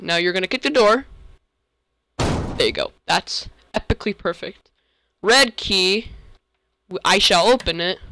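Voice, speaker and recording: A young male gamer giving rambling, excitable commentary while playing, often breaking into sudden outbursts. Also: sits high, clean tone. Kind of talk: game commentary. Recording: faint music behind.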